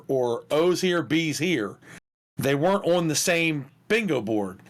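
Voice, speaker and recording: Animated, swearing man telling a story. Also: a little high. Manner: animated, profane, laughs through his stories. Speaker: podcast co-host. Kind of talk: casual storytelling chat.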